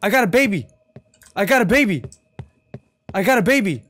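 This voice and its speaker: A woman playing a horror game with her partner in casual chat, excitable and slangy, yelling warnings. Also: medium pitch, brisk, a little hiss or hum. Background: game music.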